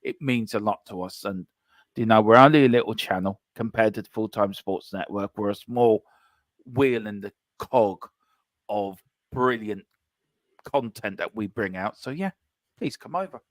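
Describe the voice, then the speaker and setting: A man's voice: fairly low pitch, moderate pace, no room sound. A man appearing as a guest on a live football watchalong, chatting animatedly and joking with the host. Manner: joking, animated, puts on silly voices. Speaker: guest from a fan channel.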